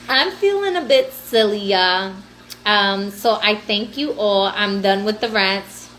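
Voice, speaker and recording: A woman's voice: medium pitch, a bit bright, slight background noise. A woman hosting a livestream in casual, profane, laughing talk aimed at her viewers. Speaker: livestream host.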